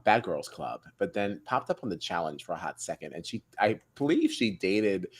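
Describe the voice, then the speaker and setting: A man's voice: deep voice, breathy edge. A man co-hosting a podcast, animatedly telling stories and acting out quotes in casual chat. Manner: animated storytelling, acts out quotes. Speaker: podcast co-host. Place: Midtown Manhattan.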